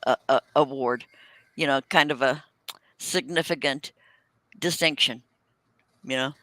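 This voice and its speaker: An older man hosting a casual livestream chat, dropping dry, drawn-out quips. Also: medium pitch, sharp tone, no echo. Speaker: host.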